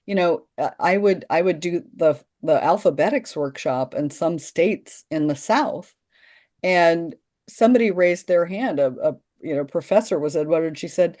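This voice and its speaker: Woman workshop trainer, mellow low voice, upbeat and chatty, casual video call. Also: normal speed. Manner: enthusiastic, chatty. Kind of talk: casual group discussion.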